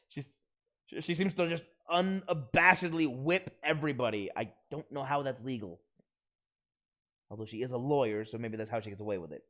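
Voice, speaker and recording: A man's voice: medium pitch, moderate pace, a bit bright. A man streaming a video game, giving playful commentary. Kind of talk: live gameplay commentary. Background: video game music.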